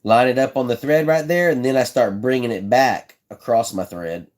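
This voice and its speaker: Speaking at normal speed in a mid-range, slightly mellow voice, a man hosts a live stream where he casually shows his fishing-rod building. He uses folksy, laid-back phrasing, chats and repeats himself, and responds to viewers in the chat.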